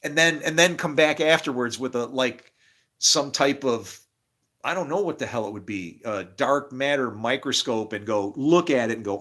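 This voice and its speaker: A middle-aged man talks in a long, rambling monologue, profane and excitable. His voice is bright and forceful at an ordinary pitch. He swings into loud, preachy outbursts between stretches of casual storytelling. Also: moderate pace. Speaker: guest.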